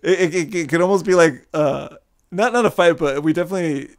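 A man's voice: fairly high pitch, fairly quick. A man hosting a podcast, chatting casually and animatedly, swearing freely and acting out what others might say. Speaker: podcast host. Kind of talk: casual chat.

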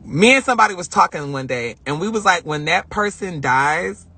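A man chatting casually on a livestream, emphatic and animated, repeating phrases for effect as he tells a spiritual story. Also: sits high, moderate pace, slightly rough. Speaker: vlogger.

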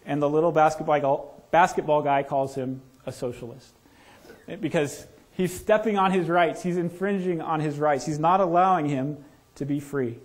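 A male pastor preaching a sermon in a church, talking casually and asking the congregation questions. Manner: conversational, asks the congregation questions; lowers to a soft, slow voice in prayer. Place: church sanctuary.

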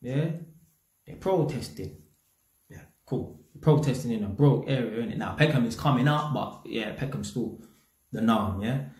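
A man's voice: medium pitch, expressive, moderate pace, darkish tone, reverberant. A man with a London accent giving a blunt, slang-heavy opinion rant straight to his audience, swearing freely. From England. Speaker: YouTube commentator.

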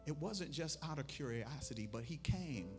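A man preaching a memorial sermon. He tells a parable, acts out what people say, and swells into loud, emphatic appeals. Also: on the high side, lively intonation, moderate pace, music in the background.

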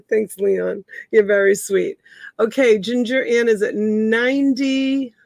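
A woman's voice: on the high side, steady tone, takes it slowly, creaky, darkish tone, no room sound. A woman in her fifties hosting a live online auction from home, chatting with viewers by name as she calls out bids. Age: 50s. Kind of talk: casual live-stream auctioneering.

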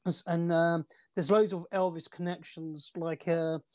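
A man's voice: a little high, level tone, unhurried, a little mellow. A man co-hosting a casual movie review chat, rambling through film trivia with restarts and fillers. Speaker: movie podcast co-host.

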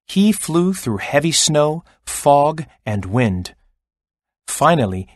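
A man reading a children's story aloud in an expressive, deliberate way. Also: fairly high pitch, dry recording, clean studio sound.

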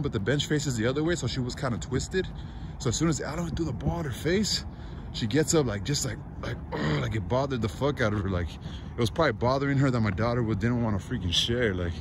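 A man's voice: mid-range voice, background noise. A young man telling a casual story as a father, rambling with many fillers and sounding frustrated. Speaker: father vlogger.

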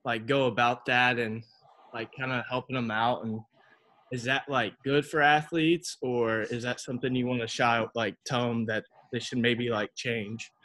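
A male student out of breath asks a question, halting and filling his words with "like". His voice is bright and sharp at a middle pitch. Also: steady tone. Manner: hesitant, lots of "like".

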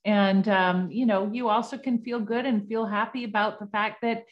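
A woman's voice: medium pitch, fairly even intonation, normal speed, highs cut off. A woman co-hosting a sales talk on a video call, chatty and friendly with plenty of asides. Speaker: co-host presenter.

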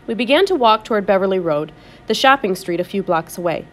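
A woman reading a children's novel aloud in an expressive storytelling voice. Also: medium pitch, fast. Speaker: audiobook reader.

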